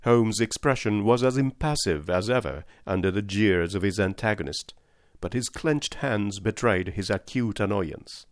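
A man narrating a classic detective story in a measured storytelling manner. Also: lowish voice, no echo, studio quality.

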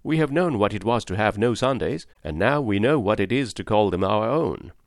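Steadfast working-class wife voiced by a male reader, slow and firm, dry sound. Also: fairly low pitch, animated, no room sound. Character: devoted cabman's wife, firm and gentle.

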